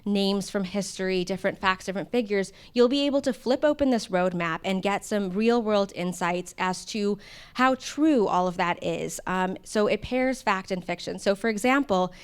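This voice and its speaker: Smooth-voiced woman hosting a live event. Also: mid-range voice, moderate pace. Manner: explanatory, conversational, with fillers. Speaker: event host. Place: intimate studio stage.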